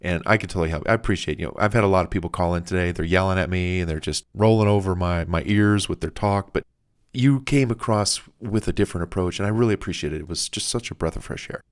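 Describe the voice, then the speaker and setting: Man playing a friendly, grateful phone agent: deep, soft-spoken, polite. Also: fast, close to an everyday voice. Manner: polite, appreciative, soothing. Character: friendly, helpful customer-service agent.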